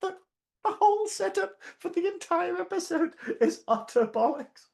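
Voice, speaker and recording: A man's voice: very high-pitched, lively intonation, moderate pace, vocal fry, darkish tone. A man co-hosting a casual review show. He teases bluntly and laughs often. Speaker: podcast co-host.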